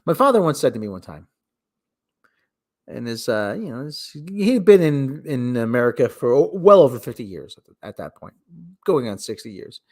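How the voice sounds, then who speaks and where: A man's voice: medium pitch, big pitch swings, moderate pace, darkish tone. A man hosting a casual solo livestream, rambling and cutting himself off, with mock radio-announcer asides. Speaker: livestream host.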